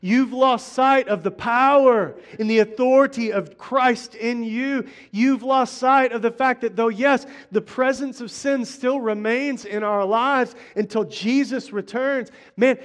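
A man's voice: very high-pitched, a little slow, hardly any pauses. A middle-aged male pastor preaching a sermon in a conversational way, often restarting phrases and speaking straight to the congregation. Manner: conversational preaching, frequent restarts and direct address.

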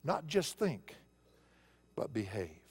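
A man's voice: fairly low pitch, sing-song, slow, breathy edge, big-room sound. A male pastor preaching a sermon, telling a personal story in a conversational way and rising to emphatic preaching.

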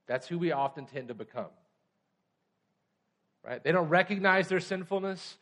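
A pastor preaching a conversational sermon, often checking in with the congregation. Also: male voice, sits high, animated, normal speed, long pauses, fairly bright tone.

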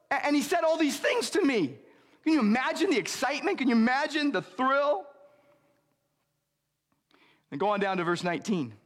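A man preaching a sermon as pastor, earnest and emphatic, slowing down on key lines and speeding through asides. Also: very high-pitched, sing-song, a bit bright, big-room sound.

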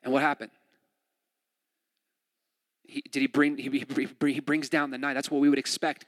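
A man's voice: fairly high pitch, moderate pace, long pauses. Joking, conversational male preacher in a hall. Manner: lively, conversational, joking storytelling. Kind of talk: sermon. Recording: long hall reverb.

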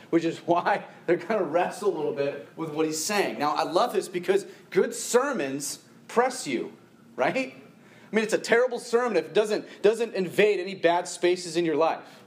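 A man preaching a sermon to a congregation, animated, rising in pitch and force when he presses a point. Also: slight background noise. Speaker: pastor.

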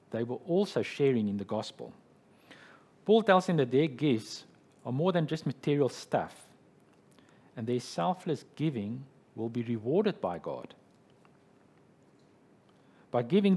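A man's voice: mid-range voice, darkish tone, slightly rough. A man preaching a sermon as pastor, explaining scripture and retelling a story in an explanatory way, often checking in with "okay" and "right".

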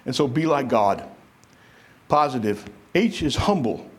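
A man preaching a sermon to a congregation, lively and conversational, acting out the voices of people he quotes. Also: mid-range voice, measured pace. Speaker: pastor.

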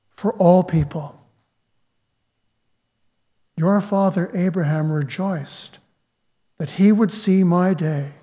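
A man preaching slowly and deliberately, his voice sitting high and mellow. He works reflectively through scripture, and the sound rings with the long reverb of a large hall. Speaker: pastor. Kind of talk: sermon.

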